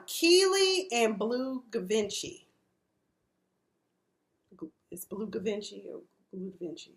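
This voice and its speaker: A woman's voice: fairly high pitch, big pitch swings, slow pace, pauses often, slight background noise. A woman in her forties giving blunt, candid, profane casual commentary on a reality TV show. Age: 40s. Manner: blunt, candid, profane, mimics the people she discusses. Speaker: reality TV recap vlogger. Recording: roomy echo.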